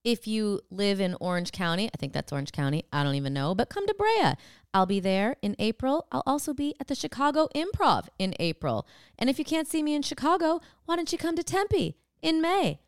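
A middle-aged woman co-hosting a podcast, bantering playfully with her co-host, laughing often and drifting into quick tangents. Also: on the high side, sing-song, clean tone, no room sound, clean studio sound. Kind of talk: casual banter between comedians.

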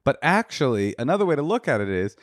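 A man's voice: medium pitch, sing-song, fast talker, no echo, studio quality. Joking male advice podcast co-host. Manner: playful, joking, restarts often. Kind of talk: casual advice chat.

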